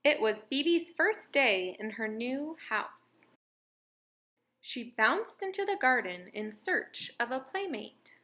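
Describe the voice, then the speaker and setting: Slow, expressive woman reading a kids' book. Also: fairly high pitch. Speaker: children's book reader. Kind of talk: storybook read-aloud narration.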